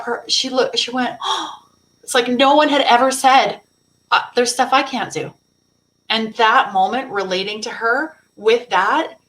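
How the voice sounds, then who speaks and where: A woman co-hosting a live online summit, telling a heartfelt story in an expressive, conversational way over a video call. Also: fairly high pitch, low-quality recording. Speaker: co-host. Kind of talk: casual chat.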